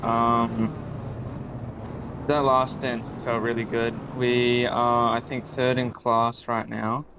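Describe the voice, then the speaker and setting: A man's voice: medium pitch, level tone, slow pace, background noise. A teenage boy, a sim racing driver, giving brief, hesitant answers with ums in an interview. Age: teens.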